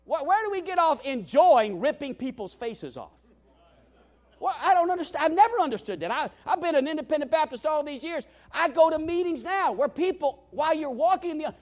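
A man preaches as a guest speaker with a strikingly high voice for a man. He moves from loud emphatic calls to soft, hushed asides. He repeats his phrases and stumbles into quick restarts, speaking to a church congregation. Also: expressive. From Southern United States. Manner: stammering restarts. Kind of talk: sermon. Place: church meeting hall.

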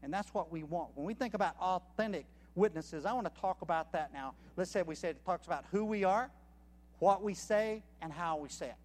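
A man's voice: high voice, brisk, darkish tone, in a large hall. A man preaching a sermon as a missionary, emphatic and counting off his points one by one.

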